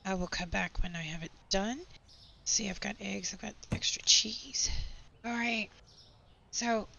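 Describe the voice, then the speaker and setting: A woman, hoarse with her voice nearly gone, chatting and venting sarcastically while playing a game. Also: mid-range voice, a little slow, pauses often, sharp tone. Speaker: gaming channel host. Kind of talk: casual gameplay chat with storytelling. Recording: slightly dull home recording with faint background noise.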